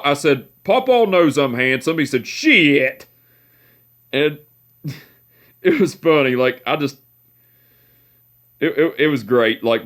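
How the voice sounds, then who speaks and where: A man's voice: medium pitch, a bit bright. A young man tells family stories in a casual, profane way, often laughing at them. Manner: laid-back, profane, laughing at his own stories.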